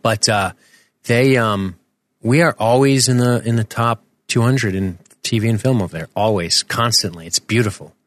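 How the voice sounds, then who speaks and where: A man's voice: on the low side, normal speed, no room sound. A man in his forties co-hosting a podcast, rambling and joking with casual swearing. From United States. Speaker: podcast co-host. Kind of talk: casual chat. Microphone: studio microphone.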